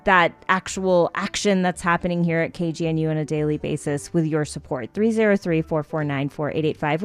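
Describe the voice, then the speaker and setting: A woman hosting a community radio show, talking casually during a pledge drive with relaxed fillers. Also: on the low side. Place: radio studio.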